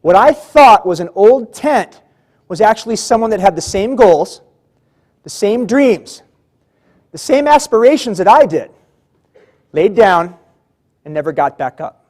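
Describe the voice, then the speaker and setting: Guy with a pretty high voice giving a big keynote story at a luncheon, really dramatic, acts out what people said. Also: very animated, unhurried, pauses often, a little mellow. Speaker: keynote speaker at a civic luncheon. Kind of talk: motivational storytelling speech. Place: large banquet hall.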